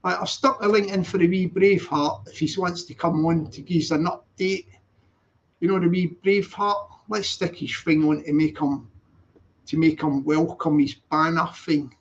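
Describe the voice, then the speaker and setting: A man's voice: a little high, normal speed. A Scottish man hosting a casual live stream, upbeat and chatty, repeating his greetings. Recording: dull lo-fi sound.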